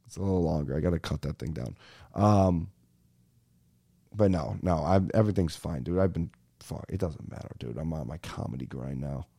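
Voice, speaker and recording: A man's voice: a bass voice, normal speed, gravelly, mellow, breathy edge, faint music behind. A young man hosting a podcast, ranting casually and animatedly, swearing and calling everyone dude. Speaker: podcast host. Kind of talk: casual comedic rant.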